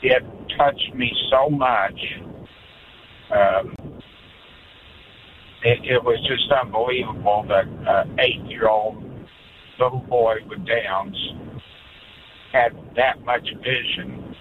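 Man in his 70s, caller, earnest, unhurried, phone-line sound, faint car noise. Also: mid-range voice, steady tone. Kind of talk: call-in radio testimony.

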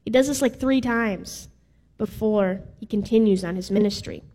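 A woman's voice: medium pitch, moderate pace, warm tone. A woman preaching a sermon in a casual, playful way with some filler words. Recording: reverberant hall.

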